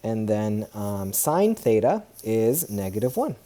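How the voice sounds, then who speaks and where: Over a screen recording of his tablet, a man teaches math, chatting as he goes, fixing his own mistakes and cheering when things work out. His voice is fairly low and dark in tone, very animated, and slow-paced.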